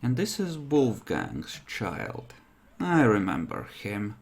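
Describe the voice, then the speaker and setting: A man running a tabletop role-playing game on a stream, relaxed and thinking aloud as he narrates and checks the rules. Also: on the low side, slow, gravelly, slightly rough. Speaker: game master.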